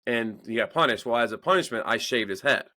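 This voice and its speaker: A man in his thirties co-hosting a podcast, his voice bright and forceful in a dry, close room. He tells rambling, exasperated stories and swears freely in casual chat. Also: mid-range voice, lively intonation, fast talker, no echo. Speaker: podcast co-host.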